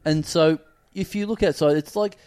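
A man co-hosting a casual podcast, telling a story with lively swearing and acted-out yelling. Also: on the high side, normal speed, clear, resonant tone, dry recording. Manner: animated storyteller, swearing, acting out a stranger's yelling. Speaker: podcast co-host.

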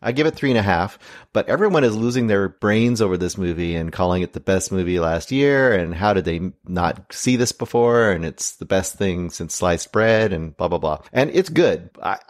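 A man co-hosting a film podcast, laying out his opinions in a measured way. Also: low voice, expressive, no echo, studio quality. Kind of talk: casual movie review chat.

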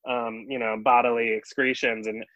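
A man's voice: medium pitch, level tone, normal speed, dry recording, close to an everyday voice. A man voicing a hapless, overeager male former TV actor who rambles eagerly as host of an improvised comedy podcast. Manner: eager, rambling, stumbling restarts. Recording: dull lo-fi mic.

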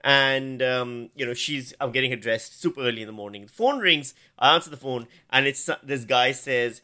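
A man's voice: mid-range voice, moderate pace, hardly any pauses, pushed and bright. A man from Pakistan, a podcast co-host and comedian, telling a self-mocking story in casual chat.

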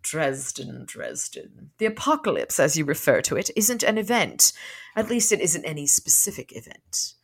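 A woman's voice: on the low side, big pitch swings, normal speed, breathy edge. A woman co-hosting a book podcast, recapping the plot and reading dialogue passages aloud with light shifts between characters. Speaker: podcast co-host.

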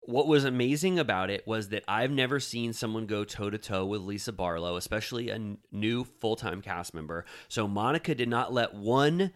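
A man's voice: fairly low pitch, normal speed, few pauses. A man co-hosting a podcast, chatting casually and animatedly as he recaps reality TV. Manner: chatty, animated, laughs loudly. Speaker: podcast co-host.

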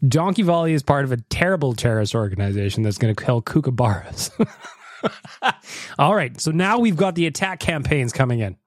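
A Canadian man hosting a podcast, playful and quick to laugh, reading out voicemails. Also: medium pitch, expressive, no echo, studio quality. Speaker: podcast host. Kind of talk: casual podcast chat.

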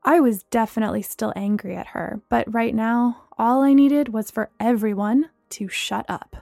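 A woman's voice: a little high, normal speed, gravelly, a little mellow, dry recording, faint music behind. A woman narrating a first-person novel as an audiobook, voicing the dialogue.

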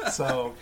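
A man casually telling a rambling story, laughing often. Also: background noise. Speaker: podcast co-host.

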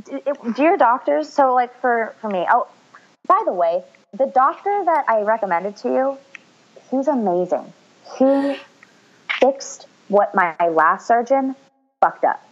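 A woman's voice: on the high side, expressive, a little slow, dull audio. A young woman in casual chat, speaking candidly, swearing freely and acting out what others said.

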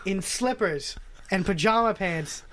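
Animated New man telling a story. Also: high voice, measured pace. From New York. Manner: animated storyteller, acts out quotes, swears, laughs often. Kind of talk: casual storytelling chat.

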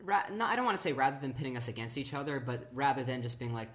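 A woman's voice: extremely low pitch, rapid-fire. A woman co-hosting a casual chat who rambles through tangents, full of fillers.

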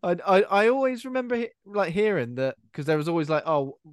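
A man with a slightly raised pitch riffs on a film with a co-host. His delivery is relaxed and playful, with bits of mimicry. The sound is close and dry, with no room echo. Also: brisk, clear, resonant tone. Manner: jokey, acts out quoted lines in silly voices. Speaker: podcast co-host. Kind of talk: casual film chat.

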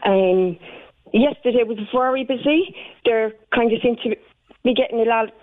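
A woman's voice: a little high, normal speed. An Irish woman florist chatting on a radio phone-in, telling her story with plenty of fillers. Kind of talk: casual radio phone interview. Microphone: telephone. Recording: tinny phone line.

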